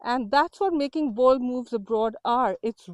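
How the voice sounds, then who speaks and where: A fairly high-pitched, a little mellow voice comes at a somewhat slow pace, with no echo, through a small portable mic. It belongs to an Indian woman, a community founder hosting an unedited outdoor walk-and-talk vlog, who sounds earnest and motivational and slightly out of breath from walking uphill.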